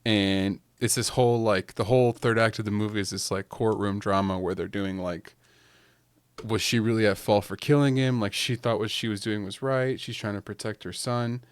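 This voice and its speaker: Young male panelist, smooth low voice, dry close sound; a rambling storyteller who acts out the characters' lines. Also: fairly even intonation, moderate pace, no echo. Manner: rambling storyteller, leans heavily on "like". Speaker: podcast panelist. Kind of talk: casual chat, retelling a movie plot.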